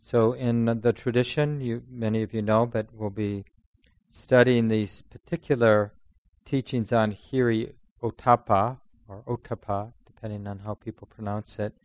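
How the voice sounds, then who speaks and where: A man giving a dharma talk as a meditation teacher, reflective and unhurried, often voicing inner thoughts as quoted speech. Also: lowish voice, fairly even intonation, darkish tone, no echo.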